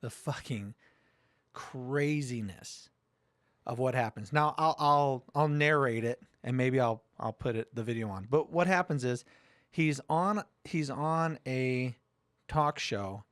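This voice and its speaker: A man's voice: medium pitch, slow, fairly bright tone, no echo. Dry, close-miked man telling a story. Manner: profane storytelling, retelling a debate. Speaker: podcast host. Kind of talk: casual podcast chat.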